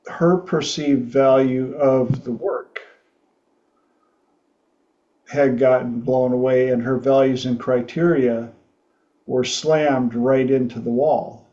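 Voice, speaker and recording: Slow-talking man telling a story. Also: mid-range voice, fairly even intonation, mellow, muffled recording. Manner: rambling, frank, with repeated restarts. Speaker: podcast host. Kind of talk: storytelling chat.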